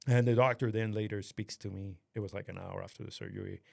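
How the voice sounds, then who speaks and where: Gravelly dude telling a wild story on a podcast, dry close sound, lots of swearing. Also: male voice, fairly low pitch, fast, no room sound. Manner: animated, swears a lot, acts out quoted voices. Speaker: podcast host. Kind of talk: casual storytelling chat.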